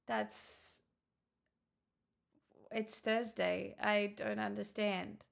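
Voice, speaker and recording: Her mid-range voice is creaky, flat and extremely slow as this streamer chats casually with her audience. She is flustered and giggly, grateful, and keeps stopping and restarting as she thanks them.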